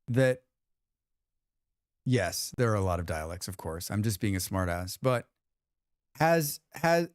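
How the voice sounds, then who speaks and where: A man's voice: lowish voice, lively intonation, a little slow, long pauses, smooth, no echo, clean studio sound. A man hosting a livestream, chatting casually with viewers in a rambling, joking way with lots of restarts. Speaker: livestream host. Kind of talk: casual chat reading viewer comments.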